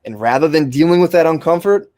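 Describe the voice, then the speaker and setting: Man, young adult, podcast chat, rapid talk, rambling, swears casually, dry close sound. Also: a little high, animated, darkish tone, no echo. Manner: rambling, frequent restarts and fillers, swears casually. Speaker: podcast host.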